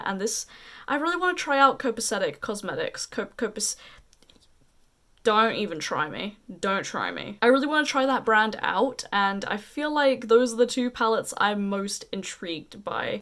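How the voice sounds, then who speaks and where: A woman's voice: mid-range voice, a bit bright. A young woman with an unusual mixed accent, chatting casually and gushing about makeup as a beauty vlogger. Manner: gushing, chatty, drawn-out emphasis. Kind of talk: casual chat.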